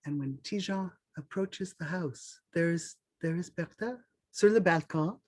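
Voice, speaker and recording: A storyteller telling a folk tale in an animated way, sprinkling French words into the narration. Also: mid-range voice, measured pace.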